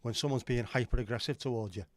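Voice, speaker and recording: Reading comments from viewers, a man hosting a livestream rambles and cracks jokes, cursing casually along the way. His mid-range voice moves fast, and the recording sounds dry.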